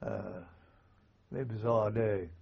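An older man, a former army chaplain, recalling wartime memories in an oral history interview, with halting, understated speech and frequent restarts. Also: fairly low pitch, fairly even intonation, creaky, slightly rough. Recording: muffled lo-fi recording.

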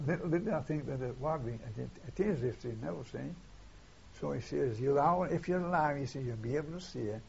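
A man's voice: on the high side, a little fast, creaky, darkish tone, a little hiss or hum. An older man recalling wartime events in an oral history interview, rambling and retelling old dialogue, often tagging "see?". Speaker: war veteran interviewee. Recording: dull lo-fi archive tape.

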